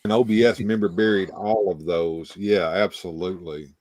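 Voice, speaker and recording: A man's voice: low-pitched, fairly even intonation, normal speed, a little mellow, no room sound. A man hosting a live show, chatting casually and rambling with frequent restarts and repeated words. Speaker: livestream host. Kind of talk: casual chat.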